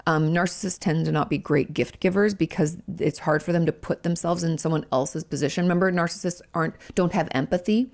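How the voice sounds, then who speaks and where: A woman commenting for viewers and explaining in a casual, plain-spoken way. Her voice sits fairly low and she checks in with the audience as she goes. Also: fairly quick, few pauses, darkish tone. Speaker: commentator on family dynamics.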